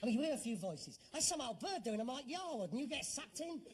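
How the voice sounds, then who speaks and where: A man acts the part of a sarcastic, scornful grown son in a 1970s sitcom, mocking and exasperated in his delivery. His voice is very high and sing-song, moving fast, with a little hiss or hum.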